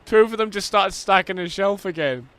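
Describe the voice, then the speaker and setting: A man's voice: high voice, moderate pace, a bit bright, clean tone. A Scottish man streaming a game, telling stories in casual chat, swearing constantly and laughing through them.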